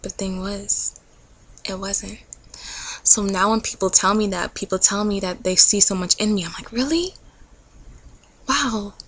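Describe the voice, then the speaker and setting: Earnest husky young woman vlogger. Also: medium pitch, level tone, moderate pace, low-quality recording. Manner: earnest, encouraging, often dropping to a soft near-whisper. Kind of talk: faith-based personal vlog talk.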